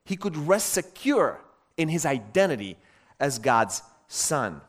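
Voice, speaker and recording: A middle-aged man preaching a sermon, telling stories in an emphatic, animated way. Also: fairly high pitch, slow pace.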